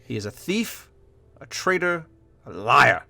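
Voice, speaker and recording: A man voicing a gruff, bossy imperial knight who threatens and curses. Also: medium pitch, big pitch swings, takes it slowly, sharp tone, no echo, faint music behind, full character voice. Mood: stern.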